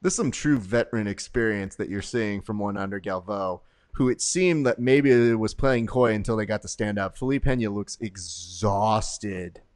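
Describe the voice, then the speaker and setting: A man's voice: lowish voice, no echo, clean studio sound. A man co-hosting a podcast, chatting and joking while commenting on a grappling event. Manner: joking, animated, quick asides. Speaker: podcast co-host. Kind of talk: casual live commentary chat.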